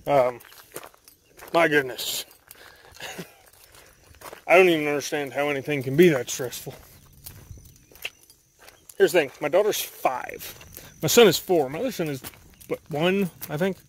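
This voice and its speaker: Young man, casual walking vlog, animated rambling, handheld camera, outdoors in woods. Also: on the high side, a little slow, pauses often. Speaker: vlogger.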